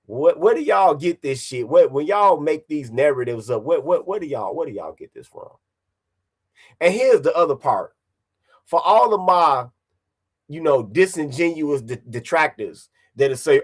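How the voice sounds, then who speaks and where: A man's voice: fairly high pitch, big pitch swings, measured pace. A man streaming online, ranting casually in a profane, confrontational way and repeating his points.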